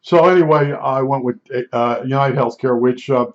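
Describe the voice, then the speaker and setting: A man's voice: medium pitch, normal speed. A man in his sixties telling a digressive, folksy and blunt story in a casual monologue. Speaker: vlogger. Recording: dull lo-fi recording.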